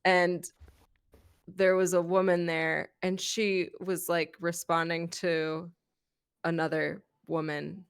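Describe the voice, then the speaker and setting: A woman from North Carolina chats between game turns in a lower voice, with a rambling, self-deprecating way of telling stories. The sound is close and dry. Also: flat delivery, takes it slowly, smooth, no echo. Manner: chatty, self-deprecating storyteller. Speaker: player. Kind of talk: casual chat.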